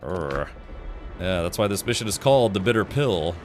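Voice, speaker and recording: Low-voiced guy streaming games, bouncy chatty commentary, game music going behind. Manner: chatty, lively, quick asides. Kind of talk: casual gameplay livestream commentary.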